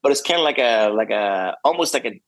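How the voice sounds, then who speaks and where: A man's voice: lowish voice, animated, a little fast, dry recording, rough recording. A middle-aged man with a Northern Irish accent, a singer-songwriter guest talking in a rambling, self-interrupting way and laughing easily, over a video call. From Northern Ireland. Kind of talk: casual interview chat.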